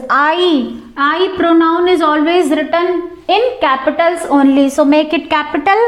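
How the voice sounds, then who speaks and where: A woman's voice: very high-pitched, unhurried, hardly any pauses, roomy sound. A woman teacher, explaining a textbook lesson to students step by step and often addressing them directly.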